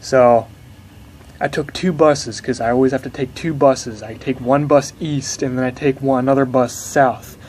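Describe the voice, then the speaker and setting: A man's voice: medium pitch, steady tone, moderate pace, a little mellow, slight background noise. A young man telling a long personal story in a rambling, blunt way, swearing often. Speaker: vlogger. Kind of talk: casual storytelling to camera.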